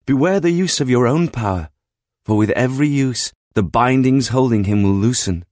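A man voicing an ethereal goddess mother who speaks calmly in formal, admonishing sentences. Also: mid-range voice, normal speed, dry recording, studio quality, voice pushed up, natural voice. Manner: calm, admonishing, formal speech. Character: ethereal female goddess mother, stern and wise.

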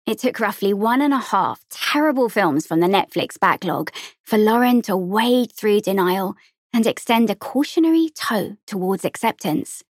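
A woman narrates an audiobook in a steady, measured way. Her pitch is middling, and the recording is dry and close. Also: no room sound. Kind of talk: scripted narration.

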